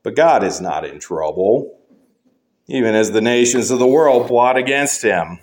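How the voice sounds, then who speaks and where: A male pastor delivers a sermon in a measured, deliberate way. His voice sits at an ordinary middle pitch, lifting for emphasis and sinking low and slow at the close of each point. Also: animated, darkish tone.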